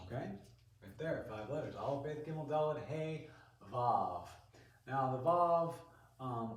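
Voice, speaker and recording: Casual male teacher, mid-range voice, chatty with frequent fillers; distant mic, very echoey room. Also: medium pitch. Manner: relaxed, chatty, many ums and restarts. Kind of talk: classroom lesson. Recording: roomy echo, voice from far off.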